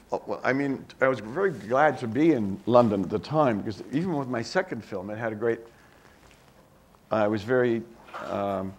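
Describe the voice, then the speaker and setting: Older man telling stories at a talk. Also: fairly low pitch. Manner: animated, acts out quoted dialogue. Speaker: guest speaker. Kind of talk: anecdotal storytelling at a talk. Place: university talk event.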